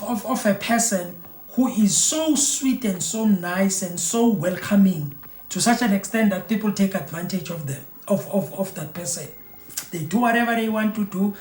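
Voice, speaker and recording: A South African man giving opinionated commentary as a vlogger, emphatic and repeating phrases for emphasis. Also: high voice. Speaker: vlogger reacting to news. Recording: roomy echo.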